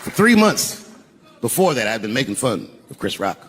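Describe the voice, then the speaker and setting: An older man doing a stand-up routine on a large arena stage into a handheld mic, telling a profane story in an animated way. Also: medium pitch, normal speed. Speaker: stand-up comedian. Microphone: handheld stage microphone. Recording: live recording with background noise.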